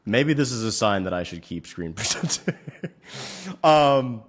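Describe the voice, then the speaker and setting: Blunt, profane fitness coach. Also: male voice, on the low side, animated. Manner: profane, frustrated rants; blunt, rapid instructions. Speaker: fitness coach and podcast host. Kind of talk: casual podcast talk.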